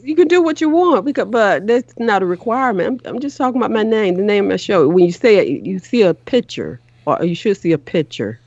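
A woman's voice: mid-range voice, very animated, a little mellow, no echo. A middle-aged woman hosting a show talks in a casual, earnest way and often stops to restart her sentences. The audio is slightly dull and lo-fi, with a dry, close sound. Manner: earnest, repeats herself, halting restarts. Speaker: show host. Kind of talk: casual chat on a call-in show.

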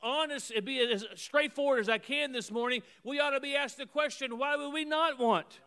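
A male pastor preaching a sermon, emphatic and repetitive, swinging between loud declarations and hushed lines. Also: very high voice, normal speed. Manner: repeats phrases in rhythmic runs.

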